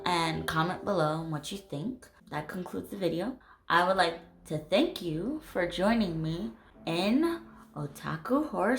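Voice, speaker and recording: A woman hosting a channel, retelling a horror manga in a chatty, animated way with many asides. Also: lowish voice. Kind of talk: casual storytelling recap. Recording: echoey room with faint music.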